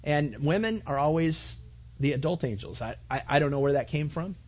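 A man's voice: on the high side, expressive, normal speed. A man preaching a sermon to his congregation, earnest, with repetitions and asides to the listeners. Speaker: pastor.

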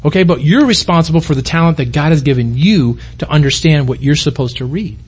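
A man's voice: fairly high pitch, fairly quick, slightly rough. A middle-aged man, a pastor, preaching a sermon in an earnest, conversational way, often restarting his sentences.

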